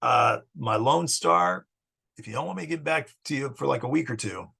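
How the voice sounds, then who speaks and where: Middle-aged man, gravelly and husky, a relaxed rambling teacher for an intro course. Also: mid-range voice, moderate pace. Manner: conversational, digressive, restarts phrases. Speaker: psychology teacher. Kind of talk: casual lecture introduction.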